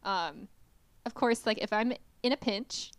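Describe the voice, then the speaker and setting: A woman's voice: medium pitch, a little slow, no room sound. Chatty New woman, dry sound. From New England. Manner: chatty, laughing, frank. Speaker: podcast co-host. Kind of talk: casual chat.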